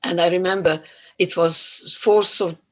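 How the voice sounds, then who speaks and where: A woman's voice: lowish voice, fairly even intonation, measured pace, dull audio. An older woman with a Central European accent, giving a talk and telling her life story with wry humor. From Yugoslavia. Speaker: guest speaker. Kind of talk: talk to an online audience.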